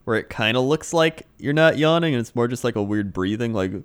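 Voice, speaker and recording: A man with an average-pitched voice chats on a podcast. He tells stories in a relaxed way and laughs easily. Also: brisk, clean tone, dry recording. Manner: laid-back storyteller, laughs easily. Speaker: podcast co-host. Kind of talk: casual chat.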